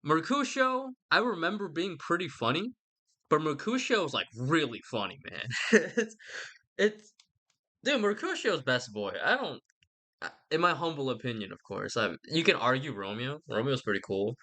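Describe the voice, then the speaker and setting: A man's voice: fairly high pitch, very animated, moderate pace, sharp tone. Irreverent young man rambling casually. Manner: irreverent, swearing, slangy, self-interrupting. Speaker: channel host.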